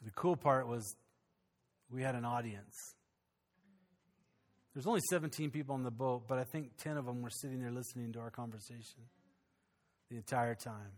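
A man, a pastor, telling a personal story in a lively, conversational way during a sermon. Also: mid-range voice, normal speed, long pauses.

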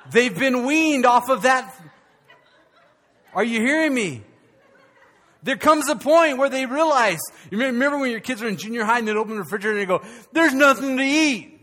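An older man preaching a sermon as pastor, swinging from loud, animated outbursts to hushed, quiet passages. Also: extremely high pitch, a little fast, long pauses.

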